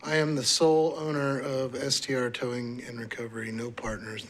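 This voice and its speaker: A man's voice: medium pitch, level tone, moderate pace, a bit bright, a little hiss or hum. A man who owns a towing company giving brief, firm answers at a hearing.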